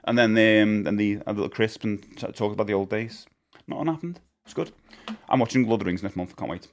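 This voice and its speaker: A man's voice: on the low side, fast. A man chatting casually on a live stream, rambling and joking, laughing often. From United Kingdom.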